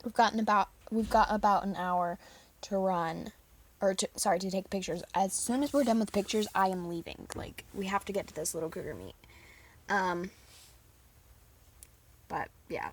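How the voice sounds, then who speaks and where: Giggly breathy teen girl rambling. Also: mid-range voice, moderate pace, long pauses. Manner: giggly, rambling, animated storytelling. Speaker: vlogger. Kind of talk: casual chat.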